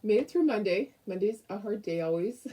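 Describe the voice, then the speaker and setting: Chatty woman, husky and lively. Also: medium pitch, a little fast. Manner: chatty, rambling, laughs often, many fillers. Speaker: craft show host. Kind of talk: casual live-stream chat.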